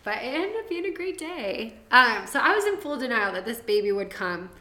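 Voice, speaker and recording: A woman's voice: a little high, sing-song, normal speed, pushed and bright. A young woman telling her birth story as a podcast guest, chatty and laughing, drifting into tangents. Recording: roomy echo.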